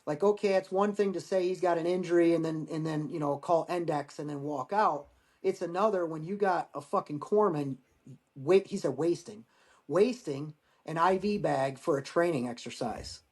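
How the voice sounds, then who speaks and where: A man's voice: a little high, normal speed. Blunt, profane American veteran in his forties. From United States. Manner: blunt, profane, acts out quoted exchanges. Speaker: military veteran guest. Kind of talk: casual storytelling.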